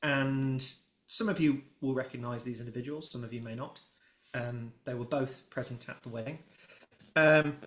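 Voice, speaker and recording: A man's voice: mid-range voice, fairly bright tone. A man narrating as game master of a tabletop game, rambling, with many fillers and restarts. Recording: roomy echo.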